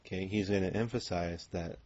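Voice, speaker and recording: A man's voice: low-pitched, steady tone, brisk, darkish tone, no echo, dull audio. A man teaching a recorded language grammar lesson, explaining step by step with frequent ums and okays. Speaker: Spanish teacher.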